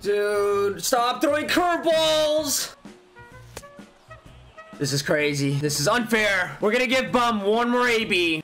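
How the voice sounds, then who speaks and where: A young man commentating his own baseball video game, excitable, swearing and yelling at the players. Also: sits high. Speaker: gaming YouTuber. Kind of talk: live gameplay commentary.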